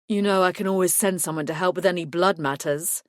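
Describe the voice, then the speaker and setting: A woman voicing a smooth, caring male vampire in an audiobook, speaking with a soft purr. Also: fairly low pitch, fairly quick, no room sound, clean studio sound, close to an everyday voice. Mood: tender. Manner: purring, soft.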